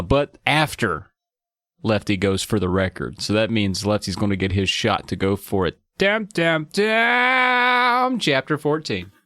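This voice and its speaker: A man's voice: lowish voice, no echo. A man hosting a podcast, chatting casually and reading book passages aloud with enthusiastic comments. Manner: enthusiastic, swearing, reads passages.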